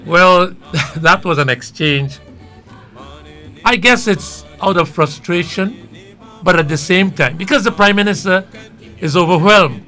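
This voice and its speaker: A man comments on the news in a bright, forward voice, a little higher than most men. He talks in a measured, rambling way and thinks aloud over faint background music. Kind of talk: talk show commentary.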